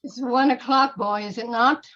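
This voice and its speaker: A woman reading the part of a scheming male bishop in an amateur Shakespeare reading, with slow, deliberate verse delivery. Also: fairly high pitch, fairly even intonation, a bit bright, highs cut off, a little hiss or hum, close to an everyday voice. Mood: weary. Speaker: reader in a play reading.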